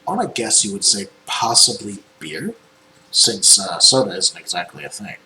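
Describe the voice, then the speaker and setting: A man running a tabletop game as game master, describing scenes in unhurried narration with frequent ums. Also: lowish voice, very animated, pushed and bright. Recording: echoey room with faint noise.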